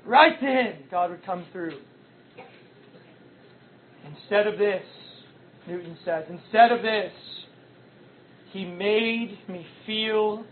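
A man preaching an impassioned sermon, his loudness rising and falling sharply as he speaks. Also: very high voice. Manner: impassioned, with big swings in loudness. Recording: tinny phone-like sound.

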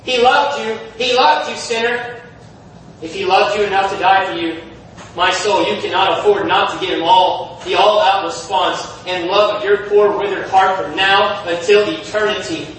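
High-voiced fervent preacher in a very echoey room. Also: male voice, steady tone, normal speed. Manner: impassioned, builds to shouting, repeats phrases for emphasis. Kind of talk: fervent revival sermon. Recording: very echoey, distant from the mic, faint background noise.

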